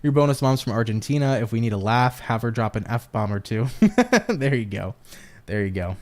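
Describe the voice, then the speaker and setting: A man's voice: fairly low pitch, brisk, a little mellow. A man hosting a tarot channel, chatting casually on a stream, laughing often and swearing freely. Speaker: tarot reader and channel host. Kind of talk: casual chat on a live stream.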